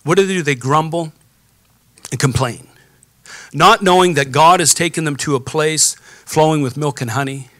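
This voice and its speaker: A man's voice: fairly high pitch, normal speed, a bit bright, no echo. A man preaching a conversational sermon, reading scripture and adding personal stories and rhetorical questions. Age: adult, has children. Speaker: pastor.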